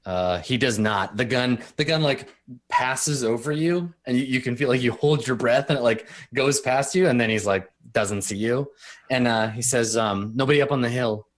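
Guy running a tabletop game, lots of um and like, loose stop-start narration. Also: mid-range voice. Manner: halting, filler-heavy narration. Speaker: game master.

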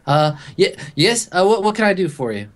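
A man voicing a flustered, nervous female hotel clerk who stammers and apologizes in a raised pitch. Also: sing-song, normal speed.

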